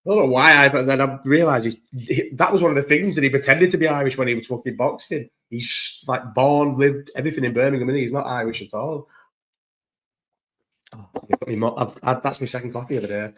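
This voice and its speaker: A man's voice: medium pitch, fairly quick, fairly bright tone. A young man talking loosely at home in a casual vlog, swearing often and restarting his sentences. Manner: swears casually, many restarts and trailing thoughts. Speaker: vlogger. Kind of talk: casual rambling vlog chat. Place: at home, indoors. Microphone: own recording setup, maybe not through the microphone.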